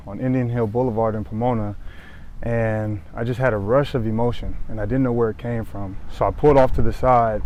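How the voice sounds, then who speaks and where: A man in his thirties from Southern California who speaks earnestly and haltingly, often repeating phrases as he tells a personal story to the camera. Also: medium pitch, darkish tone, a little hiss or hum. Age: 30s. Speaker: former pro football player sharing his story.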